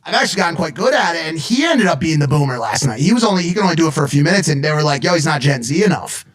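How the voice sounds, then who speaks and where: Male co-host, brisk and dry, a touch high in pitch. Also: big pitch swings, fairly bright tone. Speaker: podcast co-host. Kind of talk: casual chat.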